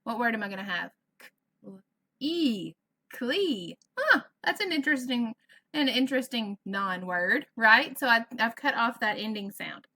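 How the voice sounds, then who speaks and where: A woman's voice: fairly high pitch, lively intonation, moderate pace, pushed and bright. A woman with a Southern US accent teaching a first grade phonics lesson, stretching and sounding out words for young children. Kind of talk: virtual classroom lesson.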